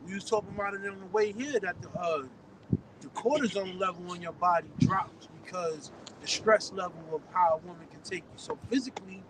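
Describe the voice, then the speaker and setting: A man reads a verse aloud, then talks it over in a casual, halting way. His voice is notably high. Clear traffic noise is heard behind him. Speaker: church group member. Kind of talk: reading and discussing scripture.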